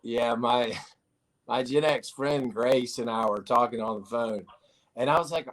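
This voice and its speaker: A man, a guest on a livestream, chatting casually and telling stories about himself with halting restarts. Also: mid-range voice, rough recording. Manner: self-deprecating storyteller, halting restarts. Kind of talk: casual chat.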